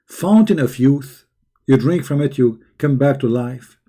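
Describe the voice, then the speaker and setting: Combative, mocking man with a mellow voice. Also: medium pitch, animated, measured pace. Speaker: religious debate host. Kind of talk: live online debate commentary.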